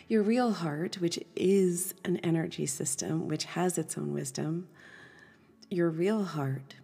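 A woman hosting a podcast, giving a gentle motivational talk, soft and often dropping to a breathy half-whisper. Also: lowish voice, slow, in a large hall, soft background music. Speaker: podcast host.

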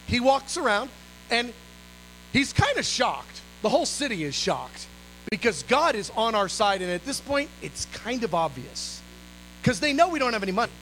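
Animated high-voiced man telling a story. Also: normal speed, slight background noise, low-quality recording. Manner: animated, exclamatory, acts out voices. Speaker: ministry leader. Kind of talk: storytelling sermon.

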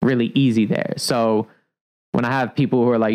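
Picture a laid-back man chatting casually on a podcast, his voice sitting in an ordinary middle pitch. He rambles loosely, stacking up fillers as he explains the finer points of making coffee drinks. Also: brisk, rough recording. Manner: relaxed, rambling, many fillers like "like". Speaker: coffee shop barista.

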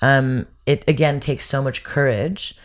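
A woman guest in a casual podcast conversation, telling stories in an animated way with many restarts. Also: rumbling low, a little slow.

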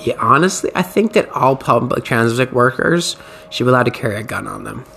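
A man's voice: medium pitch, animated, a little fast, creaky, bright, forceful tone, a little hiss or hum. A man hosting a podcast, telling a story in casual, profane, rambling chat. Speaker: podcast host.

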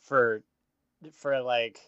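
A man's voice: mid-range voice, flat delivery, very slow, sharp tone, clean tone, no echo. Male podcast co-host, blunt and foul-mouthed, dull dry lo-fi recording. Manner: blunt, swears a lot. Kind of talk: casual podcast chat.

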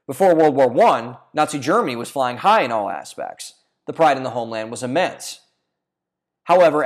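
Man, mid-range voice, essayist narrating from a script; earnest, casual asides, occasional restarts. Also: mid-range voice. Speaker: video essayist. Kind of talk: reading a scripted video essay.

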